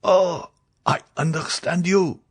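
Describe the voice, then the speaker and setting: A man's voice: high-pitched, fairly even intonation, slow, husky, voice pushed up, heavily acted. A man voicing a dying male servant, gasping and strained as he pleads in agony. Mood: despairing. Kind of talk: audiobook character voice.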